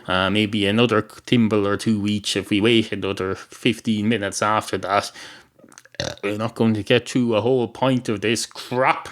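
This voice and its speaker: A man's voice: lowish voice, fairly even intonation, moderate pace, fairly bright tone, close to an everyday voice. An Irish man voicing a blunt, dry-talking male cat ordering drinks in a pub, in a comedy podcast.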